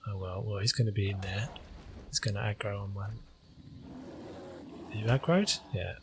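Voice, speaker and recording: A man's voice: lowish voice, moderate pace, noisy background. A man hosting a gaming channel, talking through his gameplay in a casual, hesitant way with many fillers.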